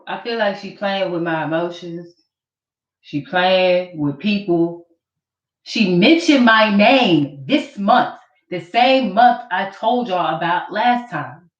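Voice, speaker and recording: A woman's voice: on the low side, slow. A woman vlogger ranting to camera in an accusatory, mocking way, repeating her points. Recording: roomy, distant, dull camera audio.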